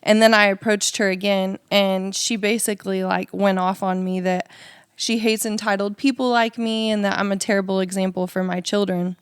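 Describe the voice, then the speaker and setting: A woman's voice: medium pitch, little pitch movement, moderate pace, clear, resonant tone, dry recording, studio quality. A woman co-hosting a faith podcast, telling a candid, confessional story in conversation. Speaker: podcast co-host.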